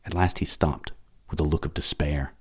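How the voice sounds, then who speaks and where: A man reading a novel aloud as an audiobook narrator, dramatic and expressive. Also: extremely low pitch, moderate pace, slightly rough.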